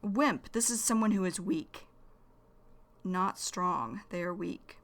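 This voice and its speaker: A young woman gives a slow English vocabulary lesson, repeating each phrase and then defining it in plain words. Her voice is fairly low, slightly bright, and slow.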